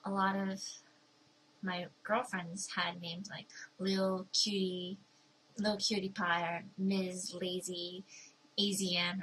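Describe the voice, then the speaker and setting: A woman's voice: medium pitch, a bit bright, a little hiss or hum, rough recording. Chatty young woman vlogging a Q&A. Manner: chatty and bubbly, with playful voices for quoted people. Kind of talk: casual talking-to-camera Q&A.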